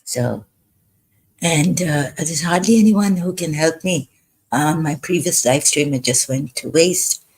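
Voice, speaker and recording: A woman talking in a rambling livestream monologue, hesitant and halting, pausing often. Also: low voice, darkish tone. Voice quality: husky. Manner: halting, hesitant, full of pauses. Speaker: live streamer.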